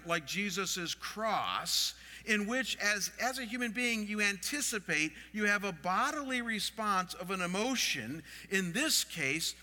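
Expressive preacher with a bright voice. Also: male voice, high voice, big-room sound. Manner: expressive, asks the audience questions. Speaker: pastor. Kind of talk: sermon.

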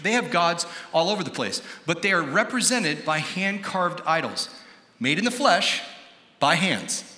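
An American man preaching a sermon as pastor, animated, acting out quoted voices and quizzing his congregation. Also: sits high. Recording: echoey hall with long reverb.

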